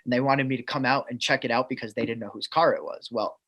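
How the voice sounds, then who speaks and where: A man's voice: mid-range voice, steady tone, fast, fairly bright tone, highs cut off. A man telling a funny work story on a podcast in a casual, chatty way. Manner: chatty anecdotal, laughs through stories. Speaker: team staff member telling stories.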